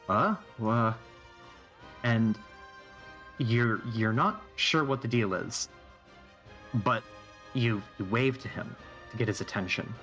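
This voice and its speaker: A man runs a tabletop horror game as its game master, his voice bright and forward. He narrates in a loose, halting way, restarting his sentences as he goes. Faint music plays underneath. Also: mid-range voice, lo-fi sound.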